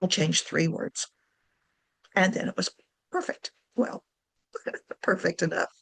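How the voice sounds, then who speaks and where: A woman's voice: lowish voice, slow, gravelly, fairly bright tone, husky. A woman giving a casual talk on writing to camera, chatty, correcting herself and laughing often. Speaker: writing coach.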